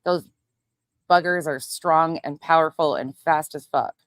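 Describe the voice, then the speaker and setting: A young woman from Montana, a livestream host chatting casually with viewers and telling a story in a profane, animated way. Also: low-pitched, a little slow, no room sound, studio quality. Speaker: livestream host reading chat.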